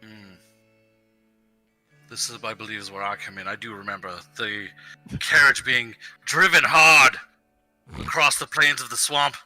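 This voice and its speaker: A man as a deadpan bright-voiced noble. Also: medium pitch, a little slow, long pauses, dry recording, soft background music, low-quality recording. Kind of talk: improvised tall-tale storytelling.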